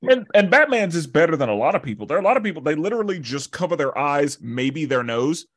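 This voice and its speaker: A man talking loosely on a podcast, with a fairly high voice that jumps around in pitch. He rambles through a film recap with plenty of fillers. The talk is casual and conversational. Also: big pitch swings, fast talker. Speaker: podcast co-host.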